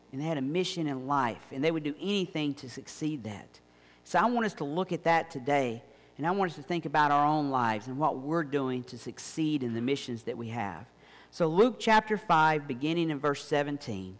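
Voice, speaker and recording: A pastor preaches in an emphatic, rising cadence. His voice sits high for a man. The sound carries the long reverb of a church sanctuary. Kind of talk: sermon.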